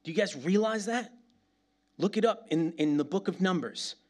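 Middle-aged guy from nyc preaching, chatty and animated, slangy asides, voice sits a bit high. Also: normal speed. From New York City. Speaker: pastor. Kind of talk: sermon.

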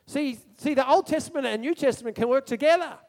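A male preacher giving a sermon in an animated storytelling manner, asking his congregation questions. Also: very high-pitched, fast talker, in a large hall.

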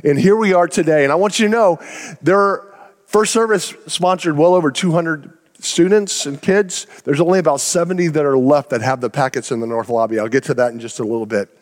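A man's voice: fairly high pitch, a little fast, long reverb tail. A pastor preaching a sermon to his church, telling a story in an earnest way and acting out the quotes. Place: church sanctuary.

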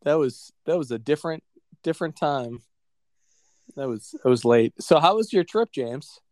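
A man's voice: a little high, lively intonation, moderate pace, a little mellow, dry recording. Male co-host, teasing banter, clean resonant voice, close dry recording. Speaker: podcast co-host. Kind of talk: casual chat.

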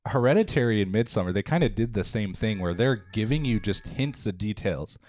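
A man's voice: fairly low pitch, lively intonation, a little fast, darkish tone. A young man hosting a podcast, talking casually and rambling with lots of fillers. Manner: rambling, filler-heavy, joking. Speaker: podcast host. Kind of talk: casual chat.

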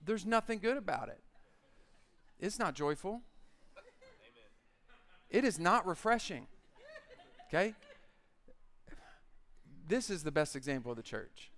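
A male pastor giving a casual, joking sermon and acting out little quotes as he talks. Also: high-pitched. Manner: animated, joking storyteller who acts out quotes. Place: church.

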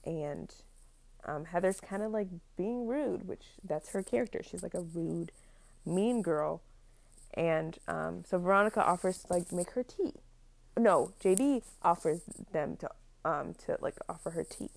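A woman's voice: fairly low pitch, measured pace, vocal fry. A young woman casually retelling a film plot, rambling with many fillers and frequent laughs.

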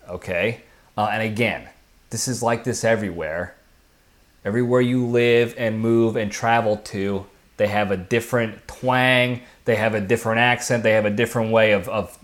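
A man hosting his own podcast, talking casually on his own and often checking in with "okay" and "all right.". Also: lowish voice. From lives in Texas. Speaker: podcast host. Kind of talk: casual solo monologue.

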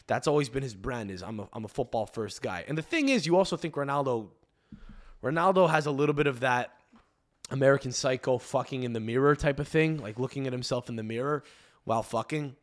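A man's voice: mid-range voice, animated, fairly quick. A man hosting a comedy podcast, ranting in a rambling, profane way with lots of fillers and restarts. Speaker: podcast host.

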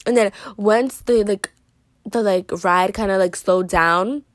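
A woman's voice: medium pitch, a little slow, no echo, studio quality. A teenage girl telling a casual storytime, rambling and filling her talk with "like" and "you know", in a playful, dramatic and joking way.

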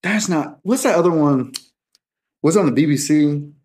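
Animated and speaking at a moderate pace, a man with a highish, darkish-toned voice rambles jokingly as a podcast guest in casual chat, occasionally putting on mock voices.

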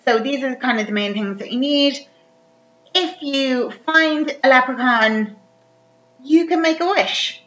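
A woman recaps a film in chatty, animated storytelling as a podcast co-host. Her voice is bright and fairly high. It is heard in an echoey room on a dull, lo-fi recording. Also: a little slow. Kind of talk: casual chat recapping a film.

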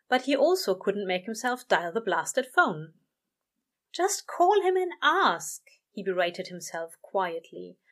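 Woman gently narrating a story. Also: medium pitch. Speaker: reader. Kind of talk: reading fan fiction aloud.

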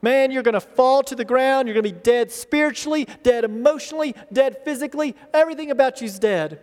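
A man preaching a sermon, his voice pitched unusually high for a man. He speaks earnestly and slips into the voices he quotes, repeating words as he pushes a point. The sound rings with the long reverb of a large hall. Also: a little fast, a little mellow. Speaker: pastor.

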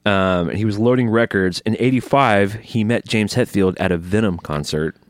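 A man hosting a podcast in casual chat, telling stories with lively acted-out quotes. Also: lowish voice, moderate pace, dry recording, clean studio sound. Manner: animated storyteller, acts out quotes. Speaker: podcast host.

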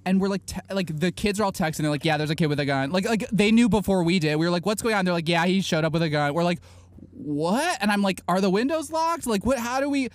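A man in his forties with a notably high voice tells a story in loose, chatty fashion. He laughs often and slips into other people's voices as he goes. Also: fast talker, no echo. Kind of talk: casual storytelling chat.

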